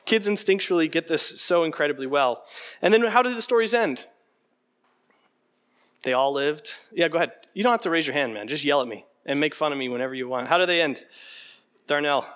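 Animated man teaching a workshop. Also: fairly high pitch, fairly quick. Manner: animated, conversational, asks the room questions. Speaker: preaching workshop instructor. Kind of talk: interactive teaching talk.

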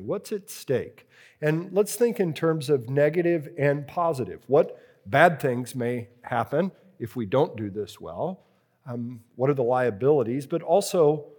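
A man teaching a preaching workshop to a live group, slow and deliberate, repeating key phrases as he works through a drawing. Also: mid-range voice, darkish tone, slightly rough.

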